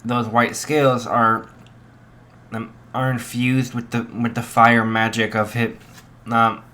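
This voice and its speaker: A young man improvising a fan story, halting with many restarts and fillers. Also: mid-range voice, completely flat delivery, pushed and bright.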